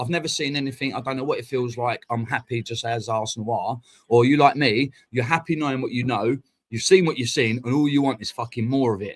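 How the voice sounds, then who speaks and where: A man, talking straight into a streaming mic. He rants in a heated, sweary, rapid-fire way, piling one point onto the next and swearing freely, at a middling pitch for a man. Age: 40s. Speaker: fan channel host. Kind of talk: casual live-stream rant.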